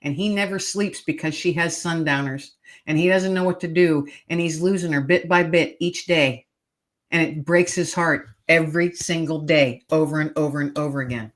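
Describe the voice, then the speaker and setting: In conversation on a podcast, a middle-aged woman guest earnestly shares a heartfelt personal story, repeating key phrases for emphasis. Her voice is low and her pace moderate.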